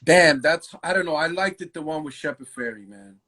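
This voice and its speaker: A graffiti writer telling stories in a loose, profane, slang-heavy way during a casual interview. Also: male voice, fairly high pitch, a little fast, pushed and bright, a little hiss or hum, low-quality recording. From New York.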